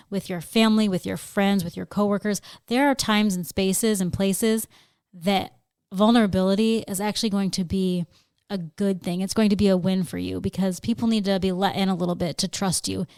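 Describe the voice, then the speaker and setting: A woman on a podcast with a smooth, resonant voice at a middling pitch. She talks sincerely and with emphasis, doubling back on words as she makes her point. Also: darkish tone. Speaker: podcast co-host. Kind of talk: candid podcast conversation.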